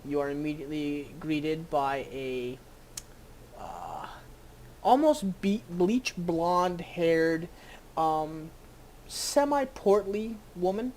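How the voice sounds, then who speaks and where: A game master narrating a tabletop game scene, halting with many fillers and restarts. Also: mid-range voice, lively intonation, a little mellow, slight background noise.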